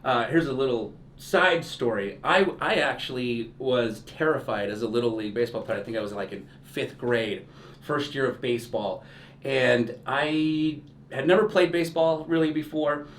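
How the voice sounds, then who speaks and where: A man's voice: mid-range voice, normal speed, a bit bright. Young male interview host, eager and affirming, recorded from a distance in a roomy space. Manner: enthusiastic, lots of short affirmations. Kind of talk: casual interview. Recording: roomy, distant mic with faint hiss.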